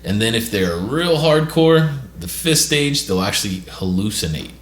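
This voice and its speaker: A man's voice: mid-range voice, sing-song, normal speed. A man hosting a podcast, telling a long story casually, swearing a lot and checking in with "right?" after nearly every beat. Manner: profane, rambling, says "right?" often. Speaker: podcast host. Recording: echoey room with faint noise.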